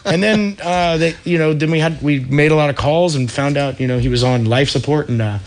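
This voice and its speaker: Radio talk show guest, thirties, Californian man, relaxed surfer storyteller, higher-pitched voice. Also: a little fast. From Santa Cruz, California. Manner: laid-back surfer talk, lots of dude and like. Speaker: radio show guest, wetsuit company founder.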